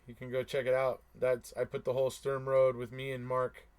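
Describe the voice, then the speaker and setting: A man's voice: mid-range voice, monotone, fairly quick, darkish tone, smooth. A man hosting a casual live stream, reading viewer comments aloud and answering them, who repeats himself for emphasis and chuckles between remarks.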